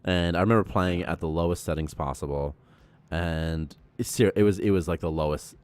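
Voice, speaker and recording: A man in his late twenties, a game programmer chatting casually on a development stream and telling stories in a profane, animated way. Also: sits low, fairly quick, clean tone. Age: 20s. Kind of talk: casual dev stream chat.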